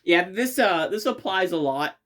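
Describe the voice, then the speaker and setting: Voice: mid-range voice, lively intonation, moderate pace, fairly bright tone. A creator giving casual commentary over their own comedy video, rambling, swearing casually and laughing often.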